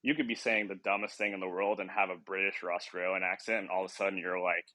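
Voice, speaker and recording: A man's voice: low-pitched, little pitch movement, fast, pushed and bright. A man hosting a casual podcast chat, rambling with lots of ums, restarts and laughs. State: short on sleep. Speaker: podcast host.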